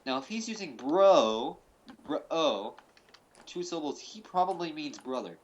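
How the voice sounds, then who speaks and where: A man's voice: on the high side, big pitch swings, quick pace, fairly bright tone, muffled recording. Rambling man giving a mock-serious theory. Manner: rambling, full of fillers and restarts. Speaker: host. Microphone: call recording.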